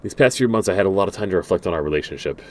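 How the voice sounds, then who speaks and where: A man's voice: deep voice, lively intonation, racing, a little mellow. A man playing through a game, reading its letters and messages aloud with frequent stumbles, restarts and dry asides. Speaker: game streamer.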